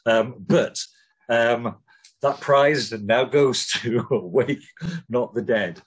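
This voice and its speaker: A man's voice: medium pitch, takes it slowly, husky, low-quality recording. A man co-hosting a podcast, rambling and joking with lots of swearing and ums. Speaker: podcast co-host. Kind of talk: casual chat.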